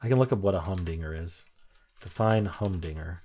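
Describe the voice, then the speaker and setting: A man's voice: sits low, fairly quick, warm tone, breathy edge. A man thinking aloud while he solves a crossword, reading clues aloud and muttering half-sure guesses. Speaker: crossword-solving video host.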